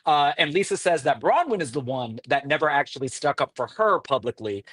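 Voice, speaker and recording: A man hosting a casual reality TV recap podcast, telling the story in an animated way and laughing often. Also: on the high side, fairly quick, no echo. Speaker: podcast host.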